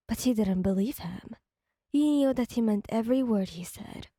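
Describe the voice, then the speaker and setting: A woman narrating an ASMR fan story in a slow, soft, breathy way. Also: a little high, animated, no room sound, studio quality. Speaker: fanfic reader.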